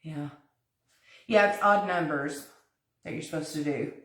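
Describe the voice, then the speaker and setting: A woman hosts a live crafting demo from her kitchen, chatty and giggly with viewers as she thinks aloud while working. Her voice is low and unhurried, and the kitchen sounds echoey with the mic at a distance.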